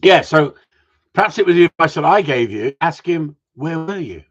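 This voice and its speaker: A man's voice: fairly high pitch, lively intonation, normal speed, background noise. A man, teasing and joking crudely with friends, swearing freely and laughing often. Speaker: host of a gundog group chat. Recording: dull lo-fi sound.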